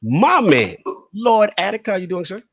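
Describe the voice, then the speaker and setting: A man's voice: sits high, very animated, a little slow, fairly bright tone, breathy edge, no echo, dull audio. A man hosting a casual gaming podcast, introducing guests with playful hype-style nicknames. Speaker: podcast host.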